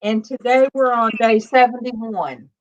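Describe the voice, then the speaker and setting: A woman's voice: fairly high pitch, unhurried, poor audio. A middle-aged woman hosting a casual livestream chat, reading viewer comments aloud and talking with her daughter. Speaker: host.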